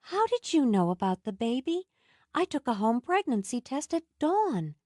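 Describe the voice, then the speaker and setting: A woman voicing a giddy, high-pitched young mother-to-be. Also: no room sound, clean studio sound. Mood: elated. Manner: excited, rising high and fast. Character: young pregnant woman, joyful and breathless.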